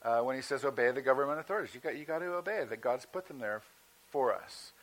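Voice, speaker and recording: A male pastor giving a sermon in a conversational teaching manner, slowing down to stress key words. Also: medium pitch, a bit bright, rough recording.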